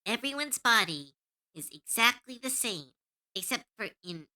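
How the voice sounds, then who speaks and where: Chatty bright-toned woman streamer. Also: a little high, expressive, moderate pace. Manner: chatty, rambling, giggly. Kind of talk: casual stream chat.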